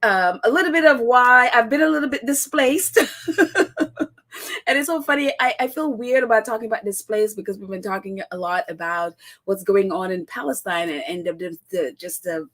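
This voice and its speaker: A woman's voice: mid-range voice, normal speed, fairly bright tone. A woman hosting a live stream, chatting casually and greeting viewers by name, laughing often. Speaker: host of a royals commentary live stream.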